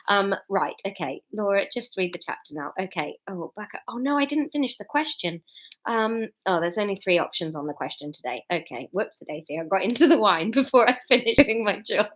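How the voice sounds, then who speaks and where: A woman's voice: on the high side, big pitch swings, normal speed, fairly bright tone. Tipsy, chatty woman. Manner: chatty, rambling, giggly. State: a bit tipsy. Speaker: comedian and author reading her serial story. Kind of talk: casual livestream chat and story reading. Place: at home.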